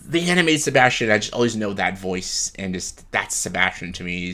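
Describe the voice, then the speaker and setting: A man's voice: on the low side, a bit bright. A man giving a casual, blunt movie review, sarcastic and laughing often, with plenty of ums and uhs. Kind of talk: casual film review rant.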